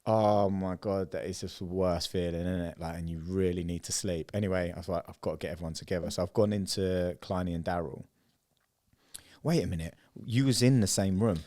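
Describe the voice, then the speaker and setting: A British man co-hosting a casual podcast, telling a story with gusto. His voice sits fairly low, and he jumps into loud, acted-out quotes and laughter as he goes. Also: normal speed. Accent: British English. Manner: animated storyteller, acts out quotes loudly and laughs. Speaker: podcast co-host.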